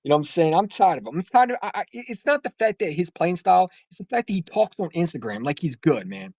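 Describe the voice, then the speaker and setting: A man's voice: sits high, very animated, fast talker, a little mellow, dry recording, dull audio. Rambling, heated male caller. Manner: rambling, heated, many restarts. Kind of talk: casual sports call-in chat.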